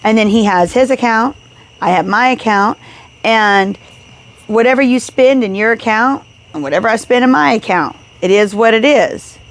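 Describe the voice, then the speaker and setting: A woman's voice: a little high, moderate pace. A woman co-hosting a casual podcast chat at home. She tells stories with energy and acts out what each person said. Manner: animated storyteller acting out quoted dialogue. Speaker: podcast co-host.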